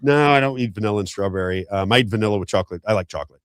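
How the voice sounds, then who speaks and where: Low-voiced guy hosting, rattles off ads real quick, dry close mic. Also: clear, resonant tone, dry recording. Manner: fast, chatty, folksy sponsor plugs. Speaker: show host. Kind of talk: unscripted talk-show ad reads and banter.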